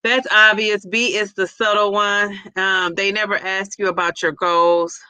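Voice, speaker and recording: A woman's voice: mid-range voice, level tone, unhurried, sharp tone, clean tone, no echo. A woman hosting a casual livestream, chatty and laughing easily as she reads a quiz and viewer comments aloud. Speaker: livestream host.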